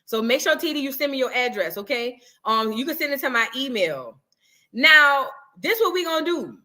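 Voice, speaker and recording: Sassy high-voiced woman livestream host. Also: very animated, normal speed, bright, forceful tone. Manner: chatty, sassy, calls viewers girl and boo. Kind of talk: casual livestream chat reading super chats.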